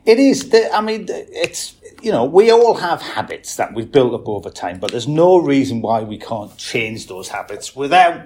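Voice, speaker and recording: A man's voice: mid-range voice, big pitch swings, moderate pace, few pauses, darkish tone, slight background noise. A man speaking as a guest expert on a podcast, blunt and punchy with a joking edge. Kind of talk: casual interview.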